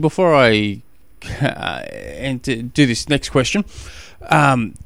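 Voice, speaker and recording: A middle-aged Australian man who coaches triathlon hosts a podcast, delivering a casual monologue that's chatty, rambling, and self-mocking, with many restarts. His voice is mid-range, with no room sound.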